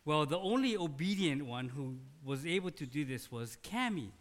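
A man's voice: a little high, animated, normal speed. A man, the church pastor, chatting informally and joking as he introduces a member. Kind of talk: casual church announcement. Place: church sanctuary.

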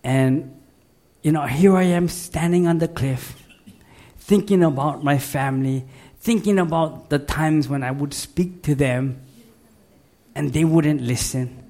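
A man's voice: a little high, a little slow, dark tone. A man preaching a sermon in a folksy, conversational way, speaking directly to his congregation. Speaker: pastor.

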